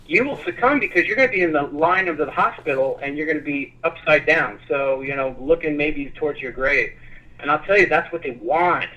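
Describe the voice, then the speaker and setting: A man appearing as a guest on a talk show, speaking in a passionate, animated way. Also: on the high side, muffled recording. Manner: passionate, animated, lively storytelling.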